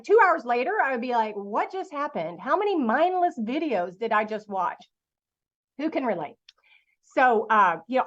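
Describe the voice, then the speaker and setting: A middle-aged woman giving a motivational talk to an online audience, telling a lively story and asking her listeners questions. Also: a little high, dull audio. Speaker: guest speaker.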